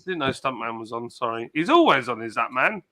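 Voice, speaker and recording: A man's voice: medium pitch, sing-song, a little fast, bright, forceful tone. A man hosting a casual livestream chat, reading out viewer comments and bantering. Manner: chatty, banters and reads out chat messages. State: ill and isolating. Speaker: livestream host.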